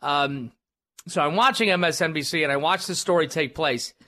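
Bright, high-voiced talk radio host. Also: male voice, normal speed. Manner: rambling, self-deprecating, many fillers and restarts. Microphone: studio microphone.

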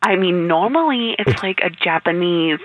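A woman's voice: lowish voice, animated, normal speed, no echo, narrow, tinny audio. A woman producer chatting casually on a radio show, unsure and full of "like". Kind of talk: casual chat.

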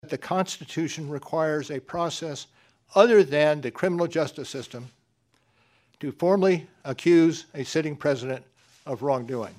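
Brief: deliberate male official, formal public statement, steady and careful. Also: a little high. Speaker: government official giving a statement.

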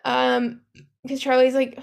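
A young woman co-hosting a podcast has a high voice with a gravelly edge and talks slowly. Relaxed and chatty, she recaps a film in loose, profane conversation packed with asides, acting out the characters' lines.

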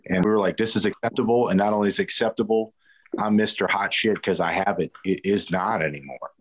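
Deep-voiced guest, laid-back and profane, on a choppy online connection. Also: male voice, quick pace, poor audio. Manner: relaxed, swears casually. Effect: glitchy internet audio. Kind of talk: casual chat.

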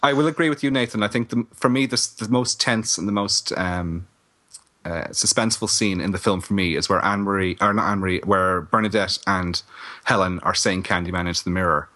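A middle-aged man co-hosting a casual film review podcast, chatty and animated, laughing often. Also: low-pitched, brisk. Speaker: podcast co-host.

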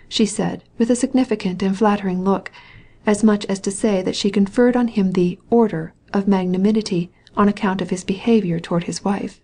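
A woman narrating a classic novel with a measured, steady reading. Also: mid-range voice. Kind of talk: scripted audiobook narration.

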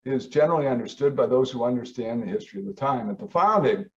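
A man's voice: animated, fast, a little mellow. Emphatic man lecturing, muffled and distant. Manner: emphatic, stresses key words with rising pitch. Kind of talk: lecture on founding history.

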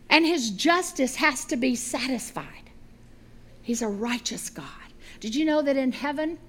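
A middle-aged woman preaches in a high, bright voice. She tells the story with animated, humorous energy, swinging between loud emphasis and hushed asides. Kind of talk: sermon.

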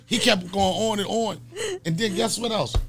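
A man hosting a podcast, telling stories in loud, animated, laughing comedic banter. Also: high-pitched, moderate pace, over music. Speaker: podcast host.

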